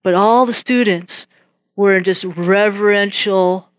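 In clean studio sound with no room echo, a medium-pitched voice speaks unhurriedly. A preacher tells a testimony story during a sermon, animatedly acting out the dialogue in different quoted voices.

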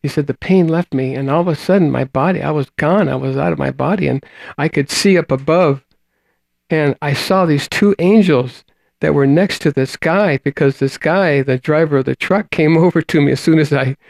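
A man preaches a sermon, reading scripture and recounting a testimony slowly and haltingly, often repeating words and letting phrases trail off quietly. His voice is fairly high with vocal fry, and the recording is dry.

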